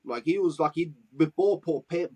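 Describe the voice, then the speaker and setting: Husky Western Sydney man, higher voice. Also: moderate pace, darkish tone, poor audio. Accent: Western Sydney Australian. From Australia. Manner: profane street slang, acts out quoted dialogue. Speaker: guest, graffiti artist. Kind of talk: casual storytelling interview.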